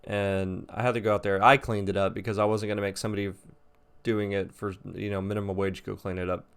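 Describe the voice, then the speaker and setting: A man in his twenties tells a story from his job with a low voice and a loose, profane delivery. He gets animated and raises his voice at the heated parts, then settles back into casual talk. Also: fast, clear, resonant tone. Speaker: vlogger telling a story.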